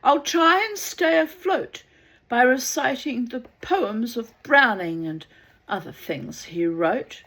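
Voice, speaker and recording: A woman voicing a panicking drowning man in a comic poem, calling out in high, pleading cries. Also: animated, slow pace, a bit bright, exaggerated voice. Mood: anxious. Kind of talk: comic poem read aloud.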